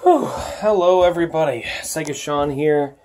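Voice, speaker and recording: A man's voice: a little high, moderate pace, darkish tone, slight background noise. A tired, worn-out young man vlogging casually into his phone camera, rambling with lots of fillers and restarts. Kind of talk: casual vlog talk.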